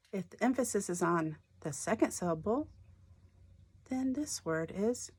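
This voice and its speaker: Slow, emphatic woman teacher. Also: mid-range voice, very animated, slightly rough, no room sound. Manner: slow, deliberate, stresses each syllable. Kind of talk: recorded lesson on homographs.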